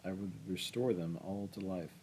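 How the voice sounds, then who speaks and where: A man voicing a drunk, self-pitying middle-aged man in a read-aloud novel, slow and heavy. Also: low-pitched, a little mellow, a little hiss or hum, natural voice, poor audio. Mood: maudlin.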